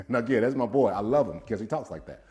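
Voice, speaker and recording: A man's voice: lowish voice, animated, fast, a little mellow. A man, a former football player turned business coach, telling a story to camera and quoting a friend aloud with frequent laughs.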